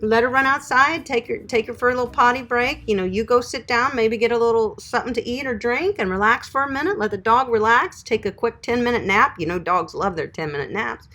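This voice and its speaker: A woman's voice: fairly high pitch, fairly quick, hardly any pauses, sharp tone, soft background music. A middle-aged woman, a pet groomer hosting a live stream, answering viewer questions in a chatty, affectionate way and calling them honey and sweetheart. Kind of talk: live Q&A chat reading viewer comments.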